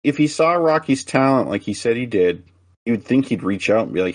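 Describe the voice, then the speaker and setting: A man's voice: mid-range voice, lively intonation, brisk, dry recording. Man asking questions on a podcast. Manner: poses questions to the others. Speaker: podcast co-host. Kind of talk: casual film discussion.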